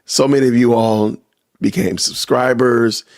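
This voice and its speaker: A man hosting a casual livestream podcast, reacting out loud and talking to his viewers as "y'all". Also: mid-range voice, fairly even intonation, unhurried. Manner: talks to chat with y'all, reacting loudly. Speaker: podcast host.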